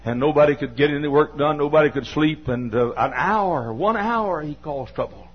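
A man's voice: a little high, normal speed, husky. An older man with a Southern American accent preaching a sermon, telling a folksy story and scolding his listeners now and then. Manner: folksy, scolds the audience, bursts into shouts. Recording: dull lo-fi sermon recording.

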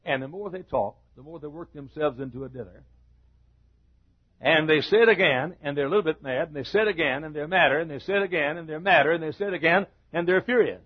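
A middle-aged man preaching a sermon as a pastor, building a repetitive cadence that rises to shouts. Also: high-pitched, expressive, fast, breathy edge. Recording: dull lo-fi recording.

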